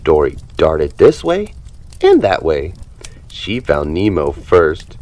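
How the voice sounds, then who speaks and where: A man reads a children's picture book aloud in a low voice. His intonation rises and falls dramatically as he tells the story. The delivery is expressive and animated for young listeners. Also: slow pace. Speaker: storybook reader.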